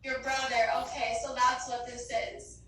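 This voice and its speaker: Woman psychic medium, high pitch, chatty and affectionate, echoey line with faint background noise. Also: level tone, moderate pace, pushed and bright, far from the mic. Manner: chatty, affectionate, fills with "like", calls listener babe. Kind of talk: casual spoken reading.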